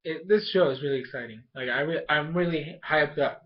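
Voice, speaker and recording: Excitable rambling young guy, dull lo-fi sound. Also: a little high, fairly quick. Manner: rambling and excitable, lots of fillers and restarts. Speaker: anime episode reviewer. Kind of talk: casual recap and review. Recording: dull lo-fi home recording.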